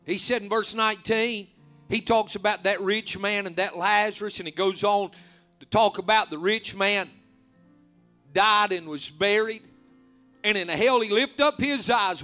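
A man preaching a fervent sermon, rising to loud emphatic peaks. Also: high voice, slow, faint music behind.

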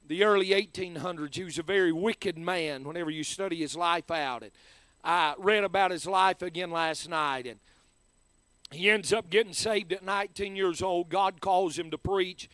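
An impassioned middle-aged male preacher with a high, ringing voice, swinging between fervent shouts and quiet, earnest passages. The sound is close and dry, with almost no room around it. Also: no echo. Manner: impassioned preaching, ranging from shouts to hushed tones. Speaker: pastor. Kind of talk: sermon.

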